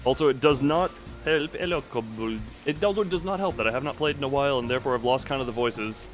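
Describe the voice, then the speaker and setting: A man streaming a game, chatting loosely and reading dialogue aloud with self-mocking asides. His voice sits at an ordinary mid pitch. Faint music runs underneath. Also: fast talker. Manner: rambling, self-mocking, reads lines aloud. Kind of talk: casual game commentary.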